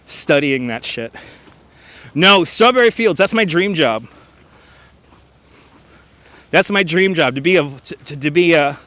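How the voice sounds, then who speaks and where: Lively, bright-voiced New man streaming outdoors. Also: on the high side. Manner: chatty, reads out viewer comments, slips into put-on voices. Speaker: livestream host. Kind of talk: casual live-stream chat. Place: outdoors on a winter beach. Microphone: wireless clip-on mic.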